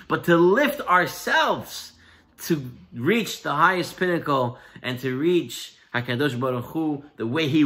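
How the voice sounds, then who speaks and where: Animated high-voiced rabbi teaching. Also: male voice. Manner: animated, emphatic, shifts between loud and soft. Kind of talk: Torah class with storytelling.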